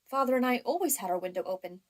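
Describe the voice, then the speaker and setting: A woman's voice: fairly high pitch, animated, quick pace. A woman doing a tearful orphan girl. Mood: tearful, pleading. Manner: faltering, tearful pleading. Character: grieving orphan girl, sensitive and defiant.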